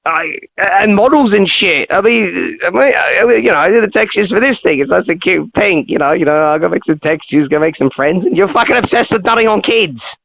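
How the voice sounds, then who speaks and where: A man's voice: sits high, expressive, a little fast, gravelly, hardly any pauses, fairly bright tone. A man hosting an interview, talking in a profane, indignant, rambling way. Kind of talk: casual interview chat. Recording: dull lo-fi sound.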